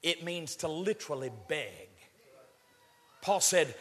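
A male preacher delivering a sermon, swinging from low murmurs to shouted, drawn-out climaxes. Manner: stretches words for emphasis. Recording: long hall reverb.

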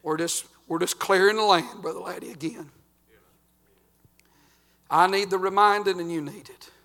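An older man, a pastor preaching a folksy sermon that swings between loud and quiet. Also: sits high, fairly even intonation, normal speed.

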